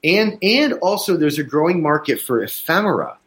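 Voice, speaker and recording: Speaking at normal speed with a voice that's a little high, a male host in Chicago, USA, chats casually and animatedly, telling anecdotes and acting out the voices of the people in them.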